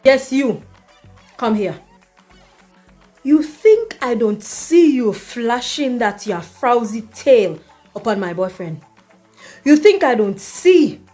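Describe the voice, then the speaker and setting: A woman's voice: big pitch swings, slow, pauses often, warm tone, faint music behind. A woman playing a fiery jealous girlfriend. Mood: angry. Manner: confrontational and shrill. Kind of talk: comedy skit acting.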